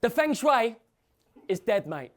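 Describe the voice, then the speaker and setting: A man's voice: very high-pitched, sing-song, takes it slowly. A man delivering joking, mocking rap battle verses at a live event, laughing at his own lines. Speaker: battle rapper.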